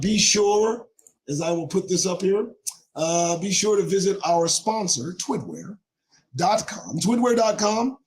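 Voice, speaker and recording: A man in his forties, hosting a show, talking to viewers in a preachy, joking way that breaks into shouting, his voice going hoarse. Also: high-pitched. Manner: preachy, jokey, bursts into shouting. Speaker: show host. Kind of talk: monologue to viewers.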